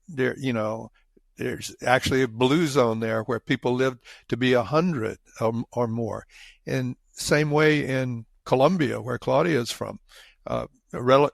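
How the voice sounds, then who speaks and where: A man co-hosting a podcast, chatting casually and haltingly, restarting his sentences. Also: mid-range voice, vocal fry, no room sound. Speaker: podcast co-host. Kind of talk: casual chat.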